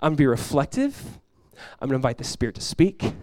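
A male pastor preaching in a conversational sermon style, dropping to a hushed voice when acting out prayers. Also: mid-range voice, sing-song, quick pace, dry recording, studio quality.

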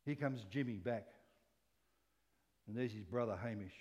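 A man preaching a sermon in an animated way, moving between loud exclamations and quiet, soft asides. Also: fairly low pitch, moderate pace, slightly rough. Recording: long hall reverb.

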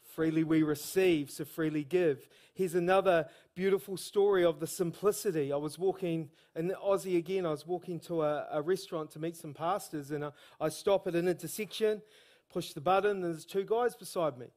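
High-voiced Kiwi preacher telling stories. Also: male voice, moderate pace. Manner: lively, slangy, evangelistic. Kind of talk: sermon storytelling. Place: church service.

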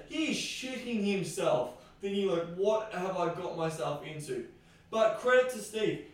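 A man hosting a podcast, telling a story casually and animatedly, acting out dialogue and swearing freely. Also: high voice. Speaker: podcast host. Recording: very echoey room, distant mic.

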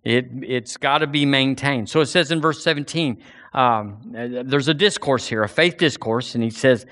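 A man's voice: mid-range voice, normal speed. A man preaching an impassioned, emphatic sermon, his voice climbing when he presses a point. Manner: impassioned, emphatic, rising to near-shouts.

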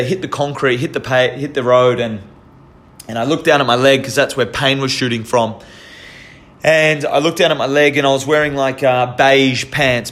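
Halting Australian man retelling his story. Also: medium pitch, a bit bright. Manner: halting, earnest, frequent restarts and repeats. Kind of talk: casual personal storytelling.

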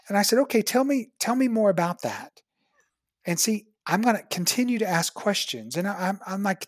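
A dentist guest telling a patient story, acting out both sides of the talk with lively pitch jumps. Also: normal speed, dry recording, clean studio sound. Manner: animated, acts out patient dialogue with big pitch jumps. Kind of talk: storytelling in an interview.

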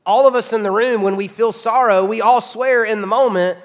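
A man in his thirties, a pastor preaching a sermon, telling stories in a lively way and laughing along. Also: high-pitched, fairly quick. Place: church sanctuary. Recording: long church reverb.

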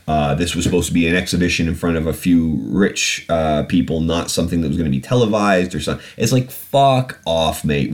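A man hosting a podcast, ranting bluntly and swearing often, with plenty of ums and restarts. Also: low-pitched. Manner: blunt, sweary, animated ranting with frequent fillers. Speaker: podcast host. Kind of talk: casual solo podcast rant.

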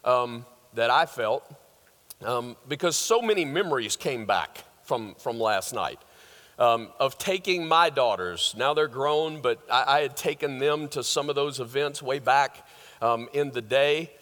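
A man's voice: medium pitch, animated, unhurried, a bit bright. An older man preaching a sermon as pastor, conversational and joking, with lots of fillers and restarts. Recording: long hall reverb.

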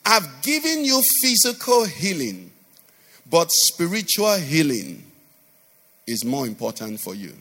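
Animated high-voiced preacher man, echoey hall. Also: a little slow, slightly rough. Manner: preaching with call-and-response questions; sing-song emphatic delivery. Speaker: pastor. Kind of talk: sermon. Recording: reverberant church hall.

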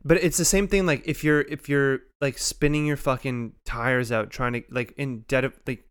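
A man in relaxed podcast chat with a smooth, clear voice at a middle pitch. He reacts with loud, emphatic exclamations and swears casually. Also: moderate pace. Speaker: podcast co-host.

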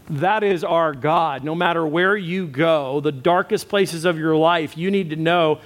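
A man, a pastor, preaching a sermon with emphatic repetition and direct appeals to his listeners. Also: high-pitched.

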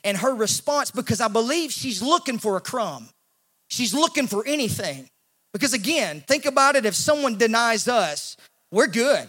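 A male pastor, preaching a sermon in an animated way and acting out the voices in the story. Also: high voice, normal speed. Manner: animated, acts out quoted voices, repeats words when he restarts.

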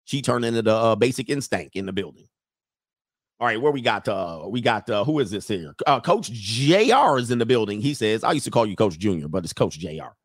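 Speaking at a brisk clip, this man has a lowish voice with big swings in pitch, captured as a dry, clean studio recording. On his live stream he reads out what viewers write and jokes around with it in a loose way, addressing the chat directly as casual commentary.

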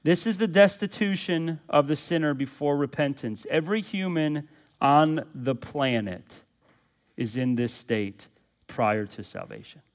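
High-voiced preaching pastor. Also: male voice, measured pace. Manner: preaching with emphatic repetition and rhetorical questions; swings from loud and high to low and quiet. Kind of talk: sermon.

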